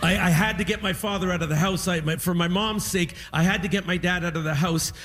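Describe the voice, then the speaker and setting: A man's voice: high-pitched, brisk. A Canadian man doing stand-up, telling a family story and acting out his relatives' voices. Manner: animated, acts out family members' voices. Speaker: stand-up comedian.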